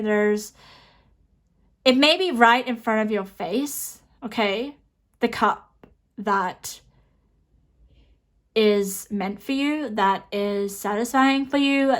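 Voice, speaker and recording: A young woman giving a pick-a-card tarot reading, excitable and emotional, rambling and checking in with the viewer. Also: mid-range voice. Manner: excitable, emotional, rambling with frequent "okay?" and "honestly". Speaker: tarot reader.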